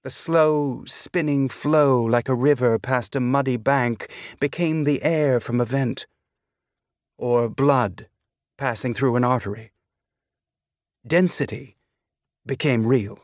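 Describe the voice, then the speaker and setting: Slow, measured male audiobook narrator. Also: medium pitch, no room sound, studio quality. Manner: measured, deliberate reading. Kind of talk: scripted narration.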